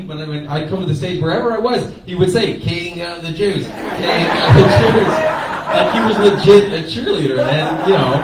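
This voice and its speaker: A man's voice: a little high, distant mic, background noise. A man, a comedian, giving a fond memorial tribute on stage in a crowded cafe, laughing as he recalls a friend. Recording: echoey room, taped from afar.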